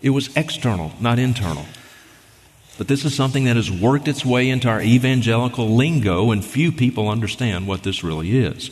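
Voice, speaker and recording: A man's voice: medium pitch, a little fast. A man preaching a sermon in an emphatic, argumentative way, reading scripture aloud and pressing his points. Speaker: guest preacher. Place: church sanctuary. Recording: long reverb of a large hall.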